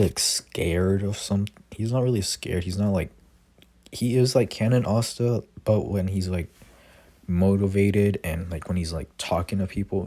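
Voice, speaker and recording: Husky, low young male storyteller; slow, rambling, filler-heavy casual delivery. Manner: rambling, many fillers and restarts; reads character lines quietly without voices. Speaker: fan storyteller. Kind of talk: casual fan-fiction retelling.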